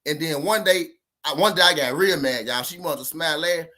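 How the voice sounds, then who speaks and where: Forceful, profane man telling a story. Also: on the high side, brisk. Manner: profane, repetitive, emphatic street talk. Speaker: vlogger giving relationship advice. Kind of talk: casual storytelling to camera.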